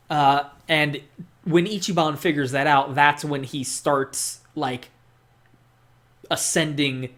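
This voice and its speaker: Rambling, excitable gaming host. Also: medium pitch. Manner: rambling, fills speech with "like", restarts sentences; swears freely, excitable. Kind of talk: casual unscripted game discussion monologue.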